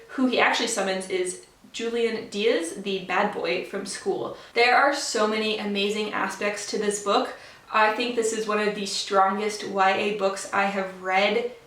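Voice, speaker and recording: A woman's voice: mid-range voice, fairly bright tone. A young woman chatting casually and enthusiastically about books she read, with many ums and gushing praise. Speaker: book vlogger. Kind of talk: casual book wrap-up chat. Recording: echoey room, mic at a distance.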